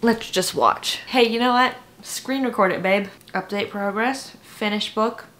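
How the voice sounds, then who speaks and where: A woman's voice: medium pitch, measured pace, fairly bright tone, a little hiss or hum. A young woman chatting casually to camera in a book vlog, gushing and giggly, with lots of fillers. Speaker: book vlogger.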